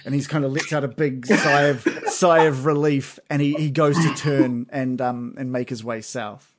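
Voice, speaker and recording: A man's voice: mid-range voice, steady tone, normal speed, crowd noise. A man narrating a tabletop game as game master, loose and hesitant with many ums and restarts.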